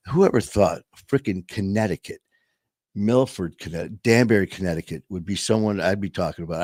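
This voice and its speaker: Deep-voiced man, rambling and emphatic. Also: a little mellow, no echo, studio quality. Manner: rambling, emphatic, peppered with swearing. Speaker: show host. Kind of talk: casual reflective monologue.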